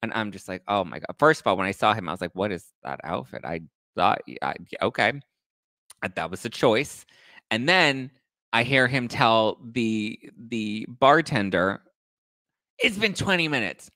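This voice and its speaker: A young man hosting a casual gossip show, telling stories in a campy, animated way and swearing freely. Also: normal speed, no echo. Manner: animated, campy, swears freely, acts out quoted people in high voices. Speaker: host.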